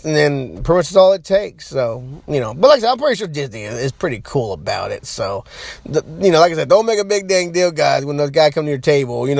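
Male podcast host, slightly high voice, casual rambling delivery, dead dry recording. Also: sing-song, quick pace, vocal fry, no echo. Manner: loose and rambling, talks straight to listeners.

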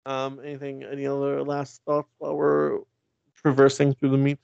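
A man talks casually and rambles through a conversation about comics. He stacks up fillers and acts out quotes with energy. His voice has a gravelly edge, and the sound is dry and dull. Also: mid-range voice, moderate pace, no room sound. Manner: rambling, lots of fillers, animated quoting. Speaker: podcast co-host. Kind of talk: casual comic-book chat.

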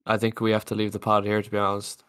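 Sick guy with a cough, low monotone voice, dry laid-back podcast banter. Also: quick pace, smooth. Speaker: podcast co-host. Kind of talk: casual chat.

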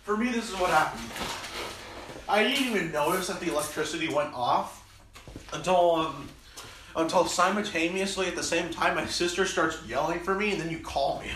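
A man's voice: fairly high pitch, normal speed, a bit bright. Young man rambling in a roomy room. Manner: rambling, many fillers and restarts. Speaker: podcast host. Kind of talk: casual chat. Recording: roomy, distant mic with background noise.

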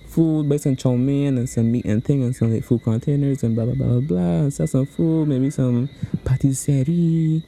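A woman co-hosting a casual podcast chat, animated and often laughing. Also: very deep voice, normal speed. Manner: animated, laughing, sing-song teasing rhymes. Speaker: podcast co-host.

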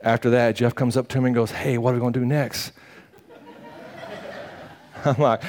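A man, a pastor preaching a sermon in a folksy, animated storytelling manner, acting out the quotes. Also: medium pitch, moderate pace, pauses often.

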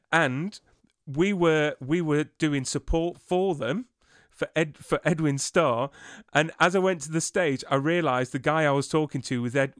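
A man's voice: fairly high pitch, no room sound, studio quality. A middle-aged man hosting an interview, asking friendly questions and sharing his own anecdotes. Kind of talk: casual interview.

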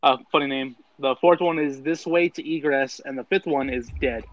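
A man's voice: medium pitch, normal speed, lo-fi sound. Laid-back podcast co-host man. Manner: laid-back, easygoing, loose. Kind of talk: casual chat.

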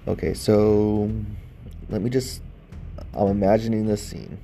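A man's voice: lowish voice, little pitch movement, a little slow, creaky, dark tone, faint music behind. A man giving sarcastic, casual commentary on a bible story, thinking aloud and asking wry questions.

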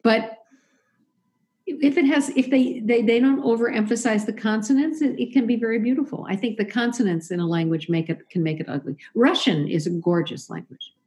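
A woman's voice: a little high, a little fast, a little mellow. A woman talking casually as an interview guest, chatty and opinionated, often restarting and correcting herself. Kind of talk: casual conversation.

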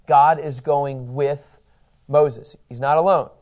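A man's voice: fairly high pitch, steady tone, slow pace, darkish tone, muffled recording. A man teaching a Bible study in a conversational, enthusiastic way, acting out quotes.

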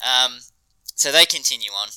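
A man's voice: mid-range voice, expressive, normal speed, sharp tone, smooth, no echo, rough recording. A man co-hosting a podcast, chatting enthusiastically about a TV episode, with frequent ums and laughter. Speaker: podcast co-host. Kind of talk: casual chat reviewing a TV episode.

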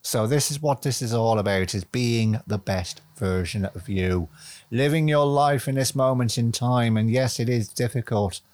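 A man's voice: medium pitch, moderate pace, a little mellow, no room sound. Rambling man, dry close sound. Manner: rambling and chatty, swears casually, self-mocking asides. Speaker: podcast host. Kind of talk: rambling solo podcast monologue.

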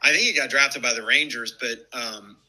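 A man's voice: normal speed, rough recording. A man in his fifties, a former ballplayer and podcast guest, telling stories casually and acting out the people he quotes. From United States. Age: 50s. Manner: animated, acts out quoted people with sharp jumps in pitch, lots of fillers. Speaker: former baseball player, guest. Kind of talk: casual storytelling.

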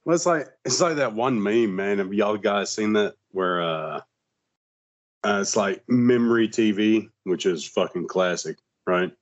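A man's voice: lowish voice, lively intonation, measured pace. A man chiming in casually on a podcast chat in a laid-back way, heard over dull lo-fi audio.

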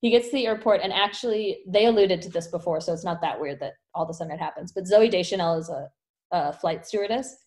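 A woman with a slightly lower-than-usual voice chats casually and spins out a long story. She narrates with animated energy and peppers every sentence with "like", as if talking to a friend. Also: fast talker. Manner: animated storyteller, heavy use of "like". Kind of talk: casual chat retelling a film plot.

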